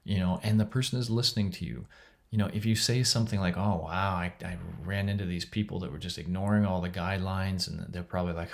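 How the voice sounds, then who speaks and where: A middle-aged man gives a casual recorded lecture from home, speaking in a deep voice with vocal fry at a slightly fast pace. His delivery is conversational and rambling, with restarts and soft laughs.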